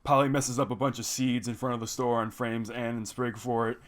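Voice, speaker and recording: Man, casual reviewer, rambling recap, filler words, mid-pitched voice. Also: flat delivery, fairly quick. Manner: rambling, full of "like" and "you know". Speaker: video reviewer.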